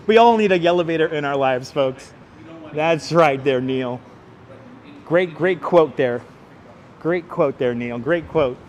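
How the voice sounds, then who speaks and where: A man's voice: on the high side, slow, long pauses. A man hosting a walking livestream outdoors on a city park walkway, joking with viewers, thanking them by name and breaking into playful singing, on a clip-on wireless mic. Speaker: livestream host. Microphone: wireless clip-on mic, phone on gimbal.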